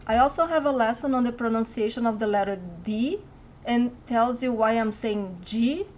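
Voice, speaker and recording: A Brazilian woman teaching a language lesson, speaking clearly and modeling words with careful pronunciation. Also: on the high side, moderate pace, darkish tone, slight background noise. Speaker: Portuguese teacher.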